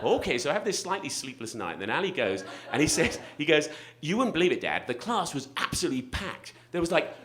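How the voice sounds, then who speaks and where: Middle-aged male storyteller, animated and self-deprecating, slightly high voice, live slam mic. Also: fast, hardly any pauses. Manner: animated, self-mocking, laughs through lines. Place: restaurant event space with live audience.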